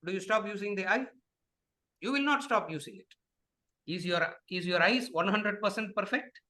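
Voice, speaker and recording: Man, Vedanta teacher, lecture with questions and answers, high voice, repetitive rhetorical questions. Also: moderate pace, bright, forceful tone, rough recording.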